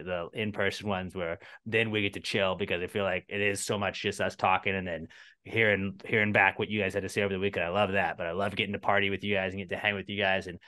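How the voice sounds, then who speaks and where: Young male co-host, casual and profane, lowish pitch, bright and clean. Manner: laid-back, profane, heartfelt. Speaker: podcast co-host. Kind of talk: casual podcast chat.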